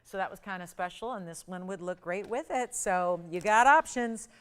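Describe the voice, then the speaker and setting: A middle-aged woman hosting a live TV shopping show, giving an enthusiastic, emphatic sales pitch in a studio. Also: normal speed, smooth. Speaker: shopping channel host.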